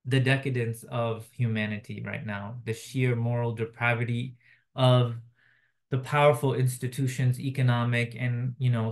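A man delivering a Friday sermon as a chaplain, soft-spoken and reflective, pausing often with fillers. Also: medium pitch, gravelly. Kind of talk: Friday sermon, retelling a phone call.

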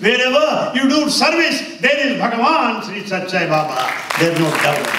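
Male spiritual speaker, animated and insistent, distant mic in a big reverberant hall. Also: sits high. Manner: emphatic, repeats key phrases. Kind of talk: devotional talk to an audience. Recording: echoey hall, voice from far off.

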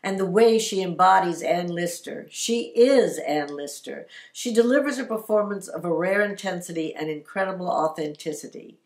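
A woman's voice: fairly low pitch, animated, normal speed, hardly any pauses, a little mellow. A woman co-hosting a vlog in casual chat, playful and theatrical. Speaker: vlog co-host. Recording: echoey room.

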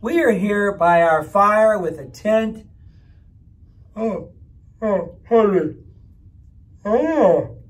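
A man, a pastor, gently explaining ideas to children at a church camp in a rambling, friendly way. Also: high voice, animated, drawn-out words, long pauses. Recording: mic from far off.

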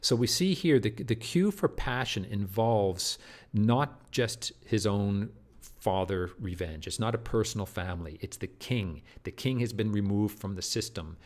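Lower-voiced man lecturing, repeating himself. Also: animated, unhurried. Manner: repeats words, restarts, keeps asking "do you see?". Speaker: literature lecturer. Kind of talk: recorded literature lecture.

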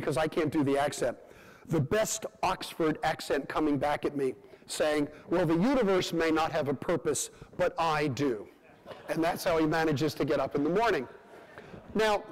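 A man with a high-pitched voice lectures from a podium microphone, delivering his points phrase by phrase with deliberate pauses. His words ring out with the long reverb of a large lecture hall. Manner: measured, phrase by phrase with rhetorical pauses. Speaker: plenary lecturer, scientist. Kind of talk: public lecture.

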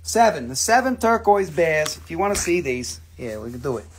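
A man's voice: on the high side, very animated, a little fast, slight background noise. A man hosting a casual live sale, rambling and joking, swearing freely as he shows his pieces. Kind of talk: casual live sales stream.

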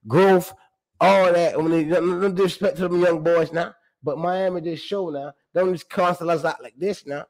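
Male sports host, fairly high voice, energetic, loose and slangy, repeats his points. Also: moderate pace. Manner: animated, slangy and profane, reciting stats with emphatic repeats. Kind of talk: casual sports commentary.

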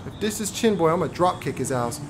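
A man voicing a brash, hotheaded male cartoon character who taunts and yells at rivals while playing through a live game stream. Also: on the high side, lively intonation, noisy background, voice pushed down. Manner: swaggering, taunting, quick to yell. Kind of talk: voiced live gameplay stream.

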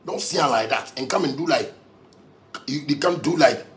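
With a little hiss or hum in the recording, a medium-pitched, fairly bright male voice moves at normal speed. He has a Ghanaian accent and delivers a heated, profanity-laced rant to his audience, hammering points home through repetition.

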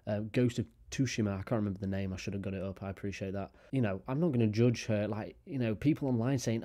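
A man's voice: on the low side, fast, few pauses, dark tone. A young man talking casually about video games, rambling with lots of fillers and frequent swearing. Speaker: gaming YouTuber. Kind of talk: casual chat to camera.

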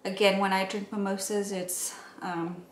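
A woman talks her viewers through mixing cocktails at home in a loose, chatty way, with plenty of ums and likes. Her voice sits at a middle pitch. The room rings with echo, and faint clinks of dishes and cutlery sound in the background. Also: level tone, measured pace, a little hiss or hum. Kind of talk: casual how-to chat.

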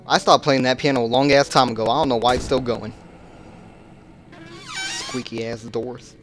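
A man's voice: mid-range voice, steady tone, moderate pace, faint music behind. A man hosting a gaming channel, casually joking and cursing through a horror game and yelping at scares. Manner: casual, joking and cursing, jumpy, bursting into loud yelps. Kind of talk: horror game let's play commentary.

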